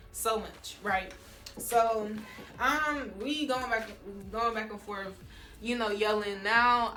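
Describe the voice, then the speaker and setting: With a medium-pitched, slightly bright voice in a roomy-sounding space, a woman storytimes on her vlog in a heated, cussing rant. She stresses her points, repeats herself, and talks to viewers as "y'all."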